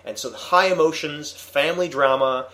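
A man hosting a casual comics discussion, retelling a story with animated enthusiasm and many restarts. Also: on the high side, normal speed. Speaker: podcast host reviewing comics. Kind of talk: casual chat.

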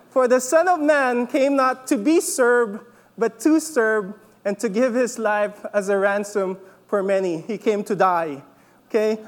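A man's voice: very high-pitched, in a large hall. Man, church leader, casual sermon, chatty, laughs often, keeps checking in with the crowd. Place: church hall.

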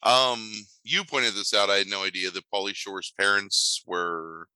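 A man co-hosting a casual movie podcast, his voice low and strikingly forceful. He delivers wry, sardonic put-downs with plenty of ums. The sound is close and dry, with no room echo. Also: steady tone, a little slow, clean tone. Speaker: podcast co-host.

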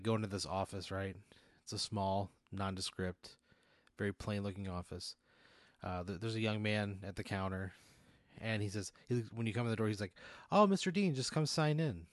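A man's voice: fairly low pitch, level tone, normal speed, pauses often, no room sound, studio quality. Rambling man narrating a role-play. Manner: rambling, many fillers. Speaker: game master.

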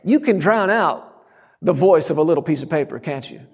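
A middle-aged man preaching a sermon, telling a story and breaking into sudden loud shouts. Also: a little high, lively intonation, normal speed, slightly rough, big-room sound. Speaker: guest preacher.

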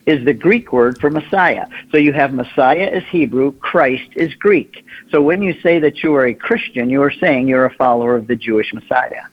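A man with a husky, breathy voice tells stories as a radio guest, lively and full of acted-out quotes. The sound is a little dull, like a muffled radio broadcast. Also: mid-range voice, moderate pace. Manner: animated storyteller, acts out quoted voices. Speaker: guest, pilgrimage leader. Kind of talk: radio interview storytelling.

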